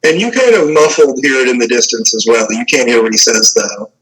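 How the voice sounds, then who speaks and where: A man narrating as game master, halting, with many fillers. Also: medium pitch, sing-song, a bit bright, rough recording.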